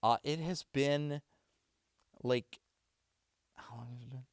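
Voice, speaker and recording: A man's voice: medium pitch, steady tone, slow pace, dry recording, studio quality. A young man streaming from his home setup, talking in a practiced Boston accent and rambling with many restarts as he thanks viewers. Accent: Boston, put on for practice. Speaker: streamer and voice actor. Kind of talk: casual chat signing off a livestream.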